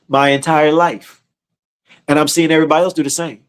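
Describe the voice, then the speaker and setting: A man's voice: on the high side, steady tone, moderate pace, pauses often. A man teaching scripture in a casual, slangy sermon style, often repeating and restarting his words. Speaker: teacher leading a scripture study.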